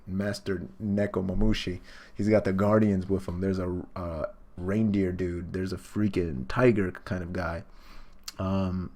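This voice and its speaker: A man reading a comic live for viewers, excited, exclaiming, loose and profane. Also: deep voice. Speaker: live reaction streamer.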